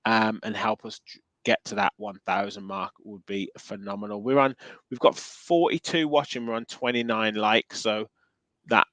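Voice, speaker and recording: A man with an English Midlands accent hosts a casual football podcast, chatting and reading viewer comments with plenty of ums. His voice is fairly low, steady, a bit bright and at normal speed. The audio is poor, though there's no echo.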